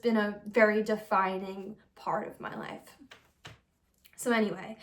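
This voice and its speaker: Speaking in an unhurried, mid-range voice with fairly even intonation, this young tarot reader and channel host talks to camera in a casual vlog. She's earnest and confessional, rambling along with lots of fillers and giggles.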